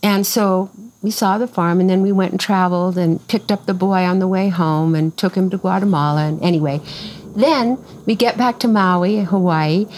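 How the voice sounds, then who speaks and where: A woman's voice: fairly low pitch, moderate pace, a little hiss or hum, poor audio. An older woman casually telling a long story in an interview outdoors on a farm, restarting sentences and acting out what people said. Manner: lively, acts out quoted voices, rambling restarts.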